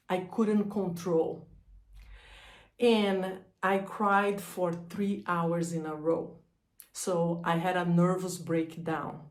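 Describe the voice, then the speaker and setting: A woman telling a personal story about a breakdown, halting and emotional, laughing through hard memories. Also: lowish voice, roomy sound. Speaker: energy healer sharing her story.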